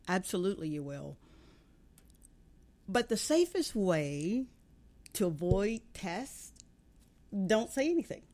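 A woman's voice: on the low side, lively intonation, slow, a little mellow. A woman hosting a radio talk show, giving an emphatic motivational faith talk in a preaching cadence.

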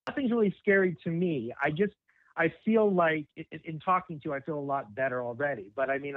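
Brief: male caller, slightly higher voice, halting and unsure, heard over a tinny phone. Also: no echo. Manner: hesitant, halting with many restarts. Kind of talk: call-in conversation.

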